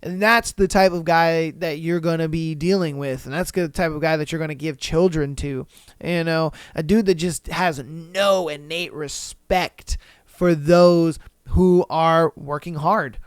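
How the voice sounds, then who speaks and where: A man's voice: fairly high pitch, fairly even intonation, unhurried, clear, resonant tone, no room sound. A young man hosting a podcast, reacting in casual, blunt and profane talk that repeats itself and gets emphatic. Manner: blunt, slangy and profane, often repeats himself; worked up and emphatic when ranting. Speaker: podcast host. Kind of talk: casual reaction commentary on reader stories.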